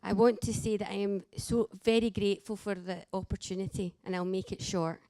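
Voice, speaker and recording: A woman's voice: mid-range voice, steady tone, a little fast, warm tone, dry recording. Woman, earnest and direct, addressing a conference audience; dry close sound. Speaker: carer and daughter, speaker. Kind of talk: conference talk.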